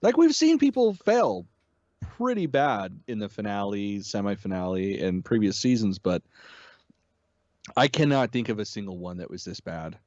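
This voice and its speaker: A man co-hosting a casual review chat, relaxed and swearing, hedging his points and laughing along. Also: on the low side, moderate pace, no echo, dull audio. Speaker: podcast co-host.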